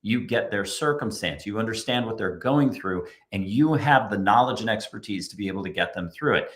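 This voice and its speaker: A man's voice: fairly low pitch, expressive, brisk, fairly bright tone. A man speaking as a podcast guest, emphatic and persuasive, who acts out what customers might say. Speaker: guest, chief creative officer. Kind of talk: podcast conversation.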